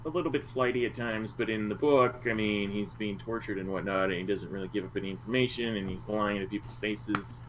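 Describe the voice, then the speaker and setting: A man co-hosting a casual book club podcast, speaking in a measured, slightly hesitant and thoughtful way. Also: fairly low pitch, a little hiss or hum, low-quality recording. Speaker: podcast co-host.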